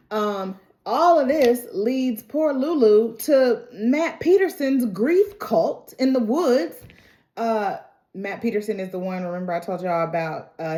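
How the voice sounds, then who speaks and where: Young woman, mellow tone, casual TV recap vlogger, echoey room. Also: medium pitch. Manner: chatty, acts out quotes, says y'all. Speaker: TV review vlogger.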